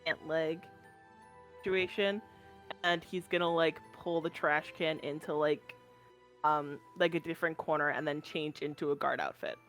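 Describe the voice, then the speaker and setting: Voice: medium pitch, fairly even intonation, moderate pace, a bit bright, faint music behind. A player in a tabletop game who asks hesitant questions and uses many fillers.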